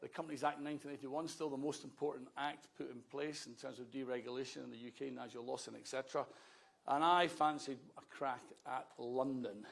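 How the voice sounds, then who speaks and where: A man's voice: medium pitch, steady tone, brisk, gravelly. A Scottish man in his sixties, a politician giving a wry, anecdotal speech at a rally with self-mocking asides. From Scotland.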